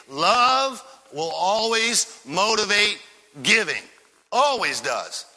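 A male pastor with a high, ringing, very bright voice preaches with fiery enthusiasm, stacking one rhetorical question on the next. The sound carries the long reverb of a large church hall. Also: lively intonation, normal speed. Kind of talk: sermon. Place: church sanctuary.

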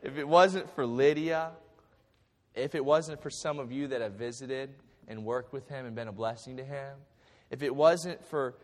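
A man's voice: medium pitch, moderate pace, big-room sound. A man in his forties preaching a sermon as pastor, telling a story with stammered restarts and light jokes. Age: 40s.

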